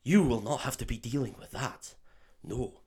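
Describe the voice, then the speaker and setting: A man doing a Scottish accent as an earnest young male Quidditch captain in a comic podcast recap, speaking in slow, solemn, mock-wise lines. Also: mid-range voice, dark tone, husky, close to an everyday voice.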